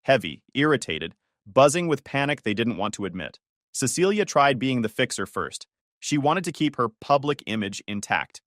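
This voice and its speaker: A man's voice: medium pitch, a bit bright, dry recording, clean studio sound. Matter-of-fact man narrating a story. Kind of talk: scripted first-person story narration.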